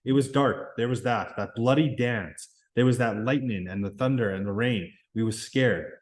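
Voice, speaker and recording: A man reading aloud and voicing a shrill, anxious boy who pleads and insists in rough everyday grammar. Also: moderate pace, close to an everyday voice.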